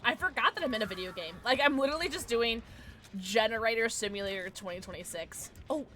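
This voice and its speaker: Fields: tipsy giggly woman streamer, bright lively voice. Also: fairly high pitch, fast. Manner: giggly, bursts into loud squeals and shouts. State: tipsy from drinking. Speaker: livestreamer. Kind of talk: casual livestream chat while gaming.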